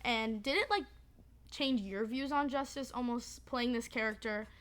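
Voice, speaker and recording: A teenage girl co-hosts in easy, casual chat, her voice sitting a little high. She is giggly and talkative and fills her sentences with "like.". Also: moderate pace, fairly bright tone. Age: teens. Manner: chatty, giggly, uses "like" a lot. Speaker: podcast co-host. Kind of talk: casual chat on a school podcast.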